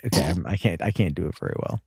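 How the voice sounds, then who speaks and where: A man's voice: sits low, lively intonation, very fast, creaky, darkish tone, slightly rough, no room sound, studio quality. A man hosting a casual reaction show, talking in a profane, sarcastic, rambling way. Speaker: reaction streamer host.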